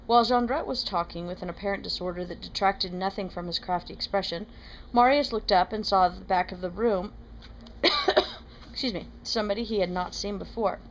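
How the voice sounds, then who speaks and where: A woman reading a classic novel aloud in a steady, plain manner, now and then correcting a word. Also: mid-range voice, a little fast, slight background noise, low-quality recording. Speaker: reader.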